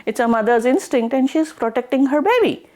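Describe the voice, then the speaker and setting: A woman voicing a calm male god who teases his wife patiently in a told folk tale. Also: high-pitched, fairly quick, pitched above the performer's own voice. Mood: teasing. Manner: teasing, patient.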